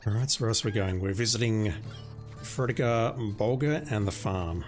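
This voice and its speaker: A hoarse man streaming a game, making wry, profane asides in casual commentary. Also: on the low side, normal speed, faint music behind. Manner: wry, profane asides between reading quest text.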